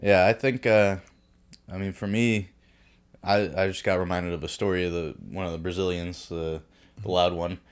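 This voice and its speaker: A man's voice: low-pitched, fairly even intonation, normal speed, clean tone. A man co-hosting a podcast, telling a story in a laid-back, profane way and laughing through it. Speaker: podcast co-host. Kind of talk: casual storytelling chat.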